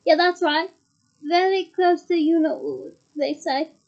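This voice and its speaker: A gossipy young bus conductor with a lilt, as a woman reader puts him on, relishing every grim detail of his story in a very high, bright voice. The sound is muffled and lo-fi. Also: steady tone, unhurried, vocal fry, full character voice. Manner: gossipy, relishing a dramatic tale. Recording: muffled lo-fi recording.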